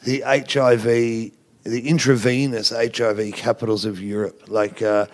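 A man's voice: mid-range voice, flat delivery, moderate pace. An Australian man, a guest comedian, telling rambling, profane stories in casual podcast talk and laughing through them.

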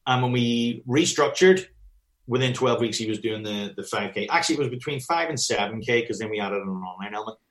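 A man's voice: mid-range voice, fairly quick. A man talking as a fitness business coach in a casual chat, blunt and swearing often, acting out bits of dialogue.

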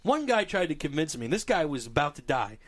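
Podcast host, man, fairly high and very lively voice, laughs through his stories. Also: quick pace. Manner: animated, laughing storyteller. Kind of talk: casual storytelling chat.

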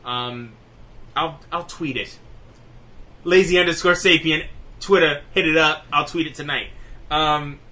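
A young man co-hosting a gaming podcast, rattling off specs in a quick, profane, joking casual chat. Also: on the high side, steady tone, sharp tone. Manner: rapid, profane, laughing reading of spec lists. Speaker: podcast co-host.

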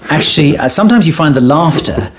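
A man talking in a relaxed interview, telling stories and teasing as he acts out quotes. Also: fairly high pitch, fast, noisy background. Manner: playful, teasing storyteller who acts out quotes. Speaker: guest. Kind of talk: conversational podcast interview.

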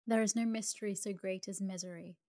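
A woman voicing a gentle, sorrowful male prince statue in a calm, tender reading for a storybook. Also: medium pitch, fairly quick, lightly acted.

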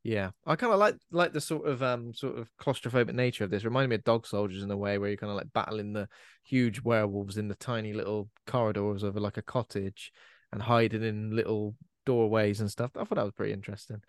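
A man's voice: lowish voice, steady tone, fast, dry recording, clean studio sound. A man co-hosting a podcast, chatting casually about a horror film with plenty of fillers and trailing asides. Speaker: podcast co-host.

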